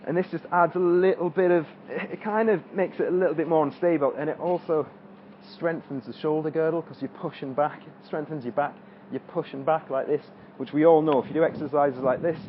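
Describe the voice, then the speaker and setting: Guy coaching squat form while doing the reps, bit high voice, kinda dull audio w faint hiss. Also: steady tone, a little fast. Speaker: fitness coach. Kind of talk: exercise tutorial.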